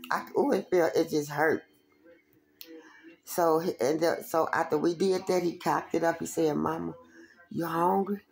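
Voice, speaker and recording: Gravelly middle-aged woman telling a story. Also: low-pitched, darkish tone. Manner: profane, vivid, talks straight to the viewers. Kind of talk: casual personal storytelling.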